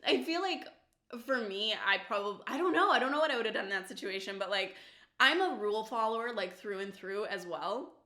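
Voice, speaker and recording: A woman's voice: mid-range voice, animated, fairly quick, sharp tone. A young woman vlogger telling a story while doing her makeup, casual, full of fillers and swearing. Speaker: beauty vlogger. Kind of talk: chatty get-ready-with-me storytime. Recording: roomy echo.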